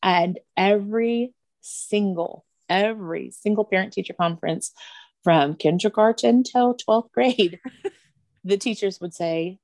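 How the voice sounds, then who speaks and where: A woman's voice: medium pitch, measured pace, a little mellow, no room sound, clean studio sound. A middle-aged woman telling fond family stories in an interview, often laughing as she talks. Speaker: interview guest. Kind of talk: conversational storytelling.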